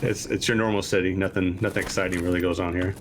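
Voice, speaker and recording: A very deep-voiced man from Kentucky answers questions casually over voice chat, hesitating often. Noticeable noise sits under his voice. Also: fast talker. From Kentucky, USA. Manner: relaxed, hesitant, many fillers and restarts. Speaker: guest player.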